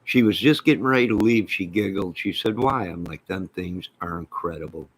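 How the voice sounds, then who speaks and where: A man hosting his own channel, chatting casually to his viewers on a live stream in an excitable, folksy, rambling way. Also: low voice, moderate pace, low-quality recording. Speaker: channel host.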